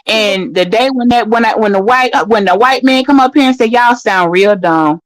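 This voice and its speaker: A woman's voice: on the high side, fairly quick, no echo. A woman speaking as a guest on a livestream, blunt, profane and emphatic. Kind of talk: casual livestream talk.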